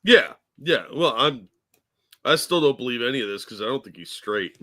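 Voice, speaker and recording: Co-host, man, bright tense tone, blunt and crude. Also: medium pitch, expressive, normal speed. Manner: blunt, crude, sarcastic remarks. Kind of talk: casual podcast chat.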